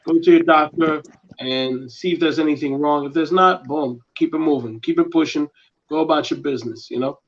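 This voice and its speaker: A man co-hosting a podcast in casual chat, speaking earnestly and haltingly with many fillers. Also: fairly high pitch, fairly even intonation, a little hiss or hum. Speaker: podcast co-host. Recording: dull lo-fi sound.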